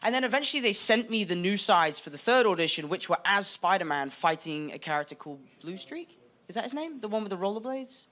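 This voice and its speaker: A young man from England with an English accent, an actor telling lively, laugh-filled anecdotes in a casual interview. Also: high voice, brisk, crowd noise. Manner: animated, laughing storyteller with mock quotes.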